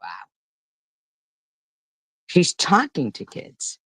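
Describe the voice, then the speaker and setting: A woman's voice: very slow, a bit bright, dry recording. Exasperated woman doing reaction commentary. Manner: exasperated, disgusted remarks. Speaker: commentary host.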